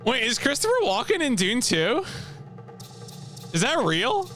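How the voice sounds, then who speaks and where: Male streamer, bright tone, unhurried delivery, reacts to chat, faint game music behind. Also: very high-pitched. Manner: animated, laughs often, reacts to chat. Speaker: streamer playing a video game. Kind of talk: casual live-stream chat with viewers.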